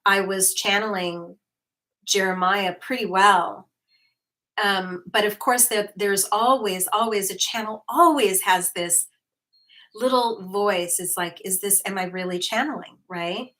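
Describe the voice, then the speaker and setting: A woman hosting her own livestream, talking casually and often pausing on fillers and restarts. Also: medium pitch, fairly even intonation, bright, forceful tone. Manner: chatty, with frequent fillers and restarts; reads viewer comments aloud. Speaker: host, hypnotherapist.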